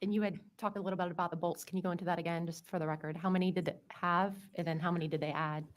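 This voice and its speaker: A woman questioning a witness at a formal hearing, brisk and procedural. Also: on the low side, little pitch movement. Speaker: hearing investigator asking questions.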